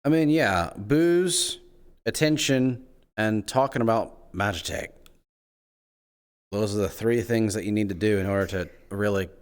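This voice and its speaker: A man with a fairly low voice talks in character during an online roleplay. He is playful and teasing, and his pitch shoots up whenever he plays at being hurt. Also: unhurried, clear, resonant tone. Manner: playful, teasing, voice jumps high when mock-offended. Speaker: roleplay player.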